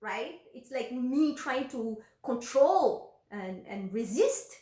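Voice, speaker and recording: A woman's voice: a little high, animated, slow, dark tone, echoey room. A woman vlogger telling a personal story in a candid, emotional way, full of fillers and restarts.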